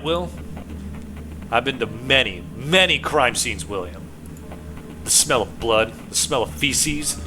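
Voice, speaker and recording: A man voicing a gruff male police detective who needles a suspect and bursts into shouted threats, with game music behind. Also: mid-range voice, close to an everyday voice.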